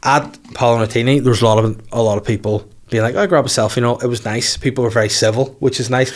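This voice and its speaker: Fast-talking man. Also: mid-range voice, fairly even intonation. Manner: rapid storytelling, loud swearing. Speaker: podcast host. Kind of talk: casual comedy chat.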